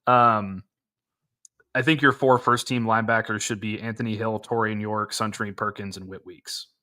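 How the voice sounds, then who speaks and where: A man playing a sports talk co-host with a lowish, bright, forceful voice. He gives firm opinions in a casual way and often restarts his sentences. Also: fairly even intonation, moderate pace.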